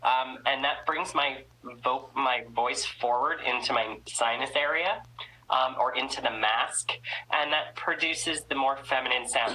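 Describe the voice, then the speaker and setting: A woman with a very low, bright-edged voice, sounding stuffy from a head cold. She talks in a chatty, candid way and lifts the ends of her sentences. A faint hum sits under the recording. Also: unhurried, poor audio. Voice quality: trained singing voice. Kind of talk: casual video chat interview.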